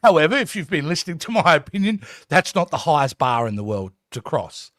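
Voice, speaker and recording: A man's voice: a little high, sing-song, brisk, fairly bright tone, no room sound. A man co-hosting a casual streamed podcast, teasing and wry. His voice rises and falls a lot, and it is recorded dry and close with no room sound. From Australia. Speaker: podcast co-host.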